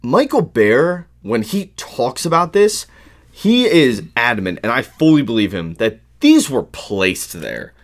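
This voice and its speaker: Animated man hosting a crime podcast. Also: medium pitch, measured pace. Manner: animated, swears freely, storytelling. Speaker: podcast host. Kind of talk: casual true-crime podcast chat.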